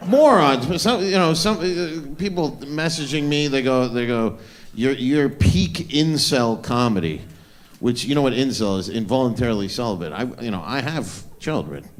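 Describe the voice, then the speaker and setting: A man's voice: mid-range voice, expressive, moderate pace, hardly any pauses. A man doing a stand-up comedy set on a club stage into a handheld mic, with a crude, mocking, swaggering delivery.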